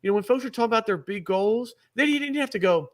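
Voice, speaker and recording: A man's voice: high-pitched, lively intonation, fast, far from the mic. A man hosting a podcast, chatting enthusiastically and rambling a little as he restarts his sentences. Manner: enthusiastic, rambling, repeats himself. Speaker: podcast host. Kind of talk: casual interview chat.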